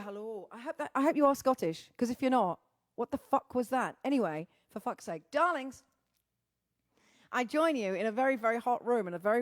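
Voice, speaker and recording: A woman's voice: a little high, no room sound, studio quality. A woman, a singer-songwriter, hosting a livestream, chatting theatrically with viewers, greeting them by name and swearing freely. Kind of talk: casual chat greeting viewers. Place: very hot room at home.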